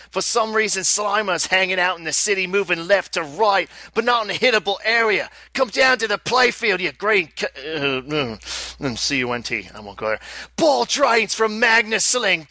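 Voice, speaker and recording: A man's voice: high voice, sharp tone, no echo. A man reading out a listener's email in a put-on Australian accent, voicing an exasperated pinball owner who swears as he rants.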